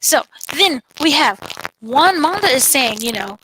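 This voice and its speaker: A woman co-hosting a casual spoiler recap, retelling scenes in an animated way with playful voices. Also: sits high, slow, slight background noise, low-quality recording. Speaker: entertainment editor, co-host.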